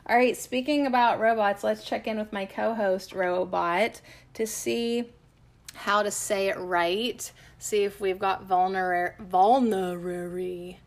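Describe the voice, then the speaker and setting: A woman's voice: medium pitch, measured pace. A woman hosting a casual herbal podcast lesson, talking in a playful, chatty and self-deprecating way.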